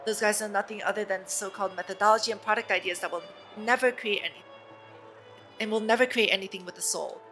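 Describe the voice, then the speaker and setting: A woman's voice: medium pitch, fairly even intonation, fast talker, bright, forceful tone, soft background music, natural voice. A woman reading aloud the lines of a boastful, paranoid male inventor from a game, in a pompous, self-important manner. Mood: grandiose.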